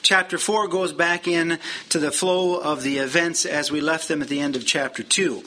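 A man's voice: on the high side, steady tone, normal speed, bright, forceful tone. A man teaching a Bible lesson verse by verse in a conversational, explanatory way with frequent fillers.

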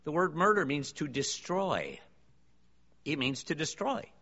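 A man's voice: on the high side, sing-song, a little slow, bright, forceful tone. A man preaching a sermon to a congregation, emphatic and full of rhetorical questions. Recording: long hall reverb, dull lo-fi sound.

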